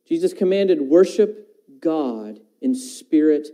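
A man's voice: on the high side, animated, slow, mellow, low-quality recording. A man preaching a sermon, quoting scripture and asking his listeners questions. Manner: talks about teaching his own children.

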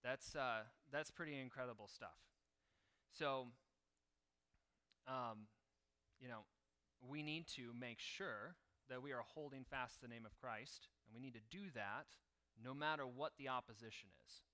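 A man's voice: medium pitch, unhurried, bright, forceful tone. A man preaching a sermon in a conversational way, with fillers, who reads a historical account aloud. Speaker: pastor.

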